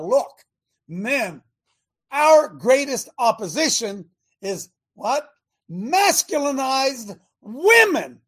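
A man hosting a radio talk show, preaching in an emphatic way with rhetorical questions and drawn-out key words. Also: very high-pitched, fairly bright tone, husky.

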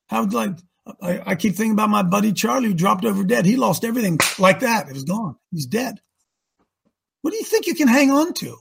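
A man hosting a talk show, preaching emphatically with rhetorical questions and swinging from loud to soft. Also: high-pitched, gravelly, husky. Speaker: host.

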